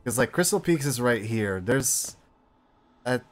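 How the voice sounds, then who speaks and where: A man's voice: medium pitch, unhurried. Laid-back man muttering while gaming. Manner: relaxed, mumbling to himself, swears casually. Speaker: streamer host. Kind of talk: casual gameplay chat.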